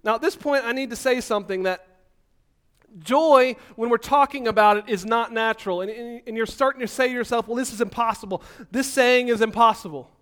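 A man preaching an energetic, animated sermon, so physically active that he sounds out of breath at times. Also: extremely high pitch, fairly quick, clean tone.

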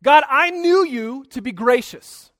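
A man's voice: very high voice, expressive, unhurried, fairly bright tone, no echo, clean studio sound, pitched above the performer's own voice, heavily acted. A preacher voicing a self-pitying adult male prophet who whines and pleads melodramatically at God. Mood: complaining.

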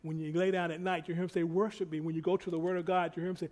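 A man preaching a sermon, repeating phrases and swinging between loud peaks and quiet stretches. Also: sits high, steady tone, fast, hardly any pauses. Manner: repetitive, rising and falling in loudness.

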